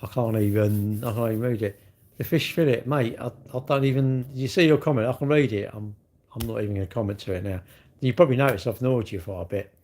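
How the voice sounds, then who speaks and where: A man's voice: medium pitch, quick pace, darkish tone. A middle-aged man, chatting bluntly and mockingly as he reads comments on a live stream. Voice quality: gravelly, husky. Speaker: livestream host reading comments. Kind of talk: casual live-stream chat.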